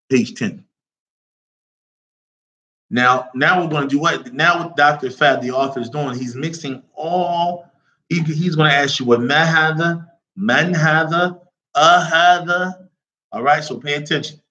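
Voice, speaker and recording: A man's voice: on the high side, pushed and bright, lo-fi sound. A man teaching an Arabic lesson who keeps checking on his class with repeated questions, reading phrases aloud and then explaining them in English.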